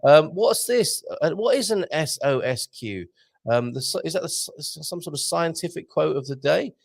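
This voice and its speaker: A man hosting a live online show, rambling excitably to viewers and reading the chat. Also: a little high, normal speed, creaky, breathy edge. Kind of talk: casual live-stream chat.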